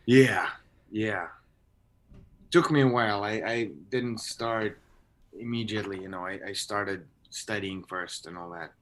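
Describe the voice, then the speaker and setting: A man's voice: fairly low pitch, fairly even intonation, measured pace, fairly bright tone, a little hiss or hum. A middle-aged man from Belarus, an actor being interviewed, speaking thoughtfully with hesitant restarts over a video call. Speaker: voice and screen actor, guest. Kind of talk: casual interview conversation. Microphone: home microphone on a video call.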